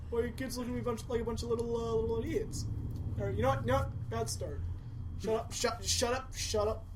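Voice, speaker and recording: A woman voicing a morbid, mean male cartoon frog with a flat, sneering delivery. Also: a little high, fast talker, background noise, close to an everyday voice.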